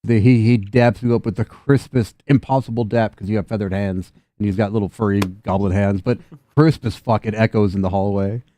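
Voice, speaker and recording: A man's voice: fairly low pitch, steady tone, fairly quick, mellow, no room sound. A man running a tabletop game, laughing often and voicing slangy street characters in loose, profane chat. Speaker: game master.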